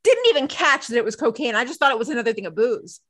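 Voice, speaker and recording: A woman co-hosting a podcast, recapping a TV episode in casual chat, animated and laughing often as she acts out characters' lines. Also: a little high, quick pace. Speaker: podcast co-host.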